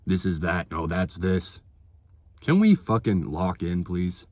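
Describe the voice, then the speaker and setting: Low-voiced male vlogger, fired-up and foul-mouthed, sarcastic rant, dead-dry room. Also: sing-song, takes it slowly, darkish tone, no echo. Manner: heated, profane, sarcastic. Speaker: political vlogger. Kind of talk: ranting monologue to camera.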